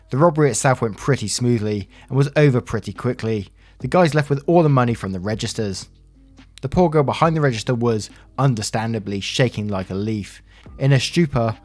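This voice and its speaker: Male narrator, mid-pitched, wry and profane, reads stories with faint music behind. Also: no room sound. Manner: wry, swears freely, quick asides. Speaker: reddit story narrator. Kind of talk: casual story narration with commentary.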